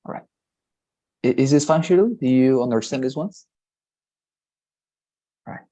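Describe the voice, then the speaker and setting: A man teaches an English lesson, going through the grammar one step at a time. His voice is dark and mellow, and he keeps asking "right?" to check his students are following. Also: medium pitch, lively intonation, normal speed. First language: Spanish. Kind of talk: online class explanation.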